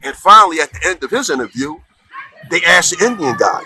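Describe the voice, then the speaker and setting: Animated man telling a comic story. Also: fairly high pitch, a little fast, rough recording. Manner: animated, conversational, colloquial. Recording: clear background noise.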